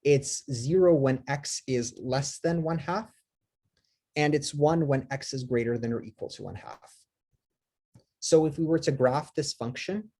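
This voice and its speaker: In a live math lecture, the speaker uses a mid-range, dark-toned voice, talking with many fillers, restarts and self-corrections while putting questions to the class.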